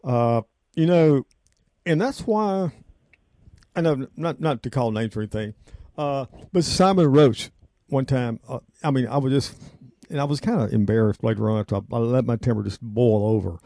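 A man, hosting a radio show and telling a rambling story in an excitable, emotional way, laughing often. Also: mid-range voice, normal speed, no room sound, clean studio sound.

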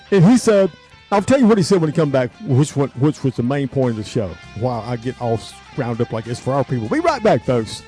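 A man, hosting a radio show and telling a rambling story in an excitable, emotional way, laughing often. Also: medium pitch, a little fast, faint music behind.

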